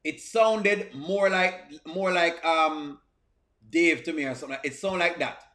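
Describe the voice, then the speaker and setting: High, bright-voiced man hosting a reaction stream. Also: a little slow. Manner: repetitive, stammering restarts. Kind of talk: live reaction commentary, reading viewer comments.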